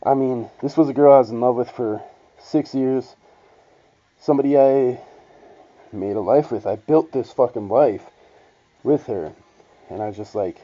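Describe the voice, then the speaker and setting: A young man tells his own story in a loose, rambling way, swearing freely and stumbling over restarts. His voice is very dark and mellow. The audio sounds dull and lo-fi. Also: mid-range voice, a little slow, pauses often. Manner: profane, blunt, rambling with restarts. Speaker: vlogger. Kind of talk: casual storytelling monologue.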